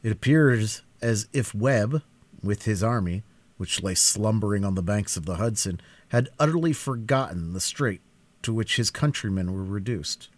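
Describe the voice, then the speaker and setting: A man reading a classic novel aloud in a live cold-read, with a dramatic, expressive delivery. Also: lowish voice, normal speed, dry recording. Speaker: audiobook reader.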